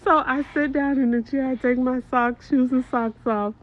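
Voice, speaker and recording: A middle-aged woman telling a casual story to her viewers, animated and swearing, with exaggerated disgust. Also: high voice, moderate pace, dull audio, a little hiss or hum.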